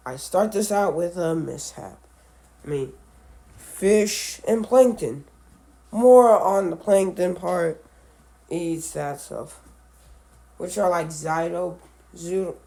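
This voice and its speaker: Man, under the weather, unhurried and warm-toned, stumbles over names in a casual read-along. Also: sits high. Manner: halting, self-correcting, stumbles over names. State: sick, voice a little off. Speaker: animal video creator.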